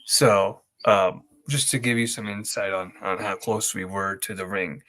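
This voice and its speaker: A man's voice: fairly low pitch, steady tone, unhurried, pushed and bright. A man co-hosting a podcast in casual chat, rambling through a story and acting out what his friends said. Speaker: podcast co-host.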